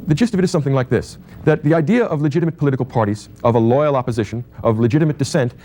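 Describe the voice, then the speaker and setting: A man lecturing at a very fast clip, words tumbling out in long chained clauses. His voice is dark and mellow, and he thinks aloud, doubling back with restarts and quick asides. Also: medium pitch. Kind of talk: university lecture on political theory.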